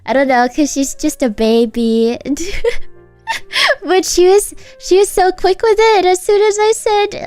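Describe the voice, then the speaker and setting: A woman's voice: high voice, big pitch swings, slow pace, darkish tone, soft background music. A woman streamer chatting casually and telling a rambling story, giggling often between sentences. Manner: rambling storytelling with many fillers. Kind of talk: casual chat on a livestream.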